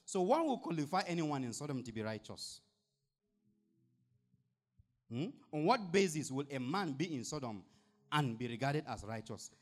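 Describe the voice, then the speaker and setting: A man's voice: on the high side, very animated, moderate pace, pauses often. A male pastor preaching a sermon, reading scripture and pressing the point with emphatic rhetorical questions and frequent hallelujahs.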